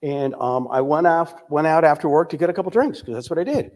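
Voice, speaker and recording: An older man from the United States giving a candid recovery testimony, telling his story with frequent pauses and fillers. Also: on the high side, expressive, a little mellow. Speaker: recovery speaker.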